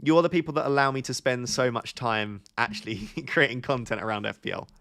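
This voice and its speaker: A man's voice: mid-range voice, fairly quick, creaky, fairly bright tone. A man chatting casually on a live stream, reading out viewer questions and answering them. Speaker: fantasy football streamer.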